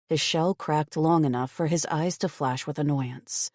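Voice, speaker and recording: Wry, expressive woman narrator for a first-person fantasy audiobook, close and dry. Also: extremely low pitch, unhurried, breathy edge, no echo.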